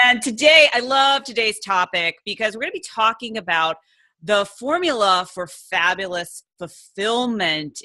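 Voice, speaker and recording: Bright, enthusiastic woman podcast host. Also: mid-range voice, normal speed. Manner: enthusiastic, animated. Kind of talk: upbeat podcast hosting.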